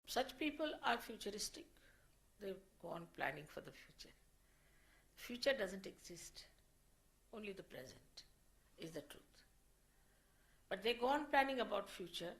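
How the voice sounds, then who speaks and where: A woman teaching a spiritual lecture in a gravelly voice at a middle pitch. She explains slowly and deliberately, circling back over the same phrases as she goes. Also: a bit bright, poor audio.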